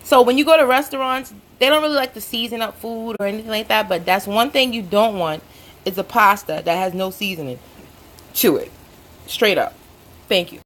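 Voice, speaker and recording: A woman's voice: mid-range voice, normal speed, fairly bright tone. A woman hosting her own home cooking show, talking casually and directly to viewers with playfully bossy asides.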